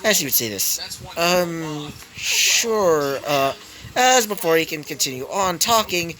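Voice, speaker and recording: A man's voice: on the high side, sing-song, normal speed, sharp tone, rough recording. Rambling man narrating a fan story. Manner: rambling, many fillers and you-knows. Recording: crowd noise behind.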